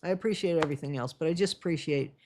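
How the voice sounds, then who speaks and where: A woman's voice: low voice, rapid-fire, background noise. A woman hosting her own channel and giving blunt, sarcastic reaction commentary. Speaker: channel host.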